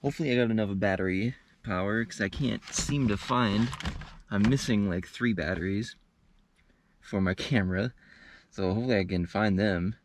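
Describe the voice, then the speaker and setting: A van life vlogger, a man with a fairly low voice at normal speed, rambles self-deprecatingly to viewers through a camera mic while tidying his van. The setting moves from in and around the van to a wooded hiking trail outdoors, where he is out of breath on the climb.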